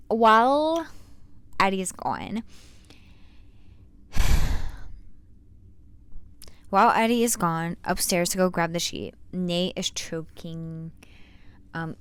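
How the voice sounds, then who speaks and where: Young woman, casual book vlogger, slangy and sarcastic, smooth lower voice. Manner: slangy, rambling, sarcastic asides. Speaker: book reviewer. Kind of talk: casual book review vlog.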